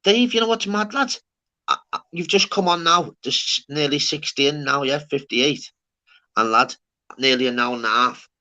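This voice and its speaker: A man's voice: fairly high pitch, moderate pace, bright, forceful tone. A man hosting a live stream, rambling and swearing in casual chat, calling everyone lad. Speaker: livestream host.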